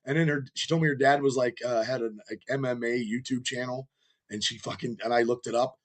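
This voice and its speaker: Man, podcast host, rough strained voice, rambling profane storyteller. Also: mid-range voice, fairly even intonation, fairly quick. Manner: rambling storyteller, heavy swearing. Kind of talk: casual podcast chat.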